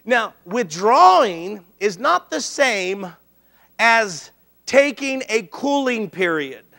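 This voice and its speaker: A middle-aged man preaches a sermon in a high, bright voice with a gravelly edge. He tells stories lively and animated, slipping into the voices of the people he quotes. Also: slow. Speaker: pastor.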